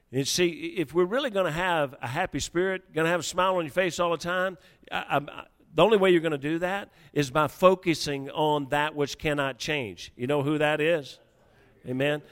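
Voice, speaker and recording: A man preaching a sermon, halting and repeating words, growing excited as he reads scripture. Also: fairly high pitch. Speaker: pastor. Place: church sanctuary. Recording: long hall reverb.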